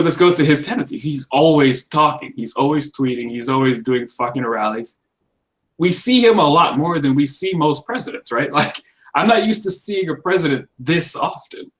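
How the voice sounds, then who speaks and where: A man co-hosting a casual political podcast, talking bluntly with frequent swearing and laughing mid-sentence. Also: on the high side. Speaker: podcast co-host.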